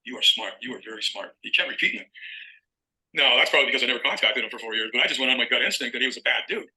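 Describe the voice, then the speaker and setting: A man's voice: medium pitch, racing, pushed and bright, poor audio. A middle-aged man telling a long story in an interview as a guest author, acting out phone calls as he goes.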